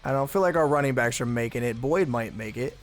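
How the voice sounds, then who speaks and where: A man's voice: mid-range voice, fast talker, faint music behind. A man commentating his own football video game play in a casual, chatty way, thinking aloud with blunt asides. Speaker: gaming channel host.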